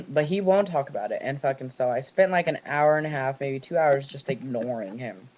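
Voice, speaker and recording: A man's voice: mid-range voice, moderate pace, a little mellow. Young guy from california ranting at his webcam at home, swears a ton, muffled lo-fi sound. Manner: ranting, heavy swearing, run-on storytelling. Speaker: vlogger. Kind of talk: venting personal vlog.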